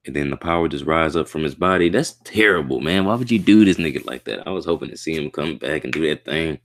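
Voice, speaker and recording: With a bass voice and fast delivery, a man reads a manga chapter aloud, reacting in a casual, slangy way and breaking into excitable outbursts.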